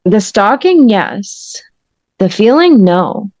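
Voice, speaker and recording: A woman's voice: mid-range voice, sing-song, slow, a little mellow, no echo, muffled recording. A woman guest telling her story in an interview, earnest and emphatic in a conversational way. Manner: earnest, emphatic, intense retelling. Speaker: podcast guest.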